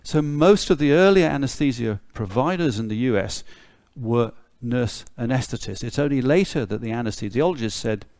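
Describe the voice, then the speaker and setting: British male lecturer, gravelly, sardonic and blunt, close dry recording. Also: mid-range voice, animated, moderate pace, few pauses, a little mellow, no echo. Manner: wry, sardonic humour; blunt, mildly swearing asides. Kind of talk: conference lecture.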